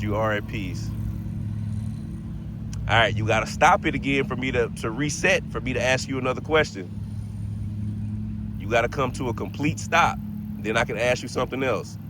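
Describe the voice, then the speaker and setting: A man's voice: medium pitch, moderate pace, long pauses, noisy background. A man hosting a paranormal vlog outdoors in a cemetery, chatting in a laid-back way and laughing often. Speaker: paranormal vlogger. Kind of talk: casual spoken vlog.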